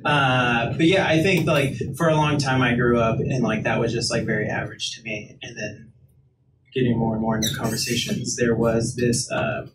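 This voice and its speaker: A man's voice: medium pitch, normal speed. A man being interviewed onstage as a guest artist, talking casually. He rambles in a laid-back way and fills his speech with filler words. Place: live event venue. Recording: roomy, distant mic, ambient noise.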